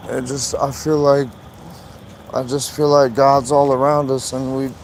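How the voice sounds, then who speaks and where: A man live streaming from his phone outdoors, rambling and halting, full of fillers and swearing. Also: medium pitch, flat delivery, darkish tone, a little hiss or hum, poor audio. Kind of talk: emotional casual live stream monologue.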